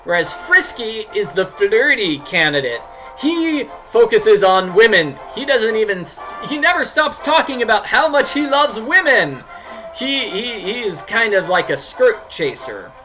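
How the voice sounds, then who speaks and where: A man's voice: sits high, pushed and bright, low-quality recording. A man giving casual, rambling let's-play commentary as a streamer and game writer. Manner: rambling, many fillers and restarts.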